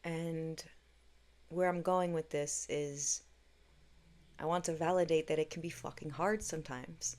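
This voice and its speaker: A woman's voice: low voice, fairly even intonation, measured pace, pauses often, darkish tone. A woman hosting a spiritual podcast, talking in an earnest, candid way with some casual swearing. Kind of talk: reflective spiritual monologue.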